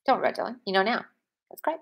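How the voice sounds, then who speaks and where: A woman's voice: a little high, animated, rapid-fire, vocal fry, slightly rough. A woman in her forties, a manifestation coach answering viewer comments on a live stream, blunt and profane, calling everyone darling. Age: 40s. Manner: blunt, swears freely, calls listeners darling.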